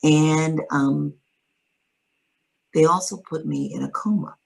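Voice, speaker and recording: A woman speaks in a low, gravelly register with a husky edge to her voice. She is an interview guest, recounting a personal story in a calm, reflective way. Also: takes it slowly, low-quality recording.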